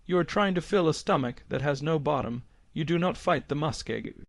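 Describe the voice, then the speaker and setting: An old Finnish swamp foreman speaks in a slow, deliberate, unshakably calm way, as a man acts him out. His Finnish accent is thick, and his voice sits higher than a plain narrating voice. The recording is dry and close, with the feel of an audiobook. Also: vocal fry, no room sound.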